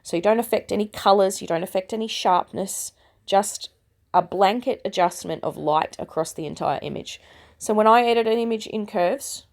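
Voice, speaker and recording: A woman in her thirties, croaky from a cold, chatting her way step by step through a phone photo-editing tutorial. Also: lowish voice, a little mellow. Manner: chatty and self-deprecating, explaining step by step. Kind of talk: casual screen-recorded tutorial.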